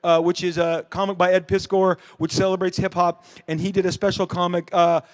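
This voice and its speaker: A middle-aged man talks to a convention crowd in a rambling, animated way. His voice sits high for a man. He trips over fillers and restarts and slips into voices for the people in his story. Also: brisk, clear, resonant tone. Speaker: comic creator on a convention panel.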